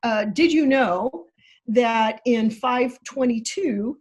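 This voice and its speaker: Husky woman explaining Greek grammar. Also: on the high side, slow pace, a little mellow, rough recording. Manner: precise, explanatory, emphatic on key words. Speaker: guest Greek scholar.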